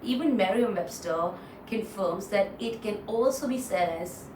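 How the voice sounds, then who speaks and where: A woman with an Indian English accent teaching English pronunciation in a casual lesson, repeating words slowly and mixing in Hindi phrases. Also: mid-range voice, darkish tone. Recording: echoey room, distant mic, faint noise.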